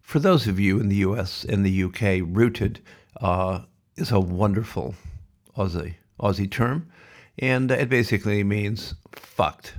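Middle-aged man, podcast host, low voice, gravelly fry, blunt, sardonic, ranting monologue. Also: a little slow.

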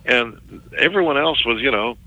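A middle-aged man with a very bright, forceful voice tells a long story as an interview guest. He talks haltingly and often stumbles over and repeats words. The sound is dry and close. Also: mid-range voice, dry recording, low-quality recording. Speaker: interview guest, ministry worker.

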